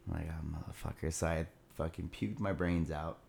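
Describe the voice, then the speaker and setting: A man's voice: deep voice, steady tone, moderate pace, creaky, darkish tone, slight background noise. A young man casually telling a rowdy party story, loose and profane, laughing as he goes.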